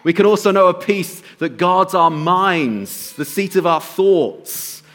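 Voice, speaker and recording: A man giving a sermon and telling a personal story, slowing to soft emphasis at times and lifting his voice at others. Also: sits high. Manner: storytelling, shifts between soft slow emphasis and raised bursts. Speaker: pastor.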